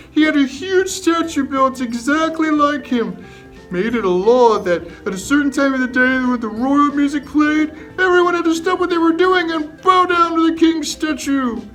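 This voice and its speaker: A man playing the Bible hero Daniel as a cheerful storyteller for children, retelling his story with excited emphasis. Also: very high voice, voice pushed up, poor audio.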